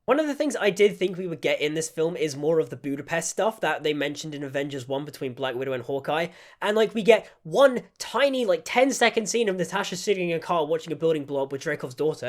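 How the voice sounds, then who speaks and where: A young man giving a casual, critical film review, peppering his talk with "like". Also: fairly high pitch. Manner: critical, frequent "like" fillers. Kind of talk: casual opinion vlog.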